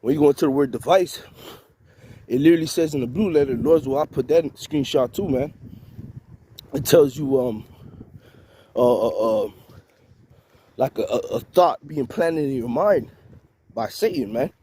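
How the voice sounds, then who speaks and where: A man delivering an informal spiritual rant, halting and repeating words, tagging his lines with "man". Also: medium pitch, mellow, slight background noise. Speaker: preacher.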